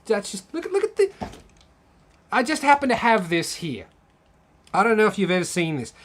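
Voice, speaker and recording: Australian male streamer, slow, rambling live Q&A delivery, casual swearing. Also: high voice, a bit bright.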